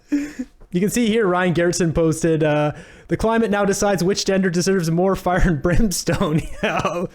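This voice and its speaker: A man's voice: high-pitched, unhurried, a little mellow. A man hosting a casual political commentary vlog, talking in a mocking, conversational way and chuckling between remarks. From Canada. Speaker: commentary channel host.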